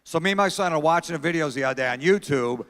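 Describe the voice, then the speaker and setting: Brash, profane stand-up comedian. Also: male voice, fairly high pitch, fast talker, a bit bright, clean tone. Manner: brash, profane storytelling, talks to the crowd. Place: historic theater stage. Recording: long theater reverb.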